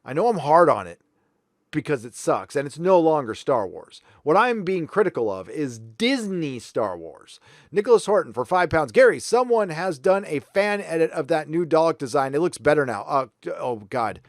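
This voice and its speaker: A man's voice: on the high side, very animated, normal speed, no echo, studio quality. A man hosting a livestream, reading viewer donations aloud with blunt, profane, sarcastic asides. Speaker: livestream host.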